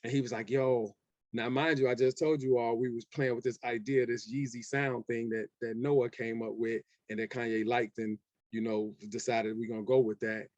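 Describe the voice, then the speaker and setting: A man's voice: mid-range voice, level tone, moderate pace, darkish tone, no echo. A rapper in his forties telling a story in an interview, acting out both sides of an old phone call. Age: 40s. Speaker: rapper, guest.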